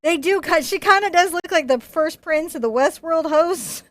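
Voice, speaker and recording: A woman's voice: very high voice, normal speed, a bit bright, no echo. Playful, chatty woman teaching painting. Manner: chatty, playful, jokes and laughs while painting. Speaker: painting instructor. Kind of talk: live painting lesson.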